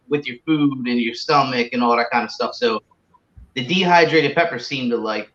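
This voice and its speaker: A man's voice: mid-range voice, a bit bright. A man chatting casually on a livestream about tasting spicy snacks, rambling with lots of "like" and "uh". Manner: rambling, full of "like" and "uh". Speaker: guest tasting hot snacks. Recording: echoey lo-fi call audio.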